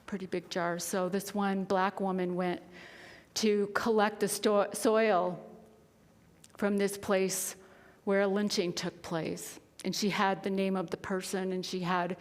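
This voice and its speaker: A woman minister preaching a sermon, telling a story earnestly, often dropping to a hushed voice. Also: mid-range voice, level tone, takes it slowly, pauses often. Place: spiritual center sanctuary. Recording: long reverb of a church hall.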